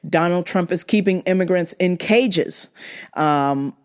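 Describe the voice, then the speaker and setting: A woman's voice: a little slow, clean tone. A woman hosting her own show, telling a family story in a casual, exasperated monologue. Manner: exasperated, incredulous retelling of family arguments; acts out quoted dialogue with shifts in pitch. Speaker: podcast host.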